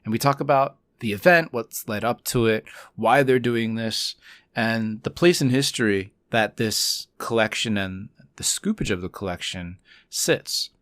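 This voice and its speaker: A man's voice: lowish voice, measured pace, fairly bright tone, dry recording. A man hosting a podcast, introducing the episode and chatting casually with his guest in an upbeat way. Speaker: podcast host.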